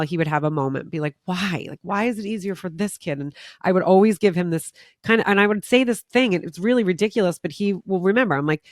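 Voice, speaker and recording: A woman hosting a podcast conversation, telling lively stories and acting out quoted voices, swearing casually. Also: fairly low pitch, dry recording, studio quality. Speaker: podcast host.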